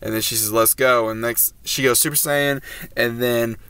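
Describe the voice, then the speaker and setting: A man's voice: medium pitch, fairly even intonation, normal speed, pushed and bright, clean tone, no room sound. A man giving a casual, rambling recap of an anime episode as a reviewer, with fillers and restarts.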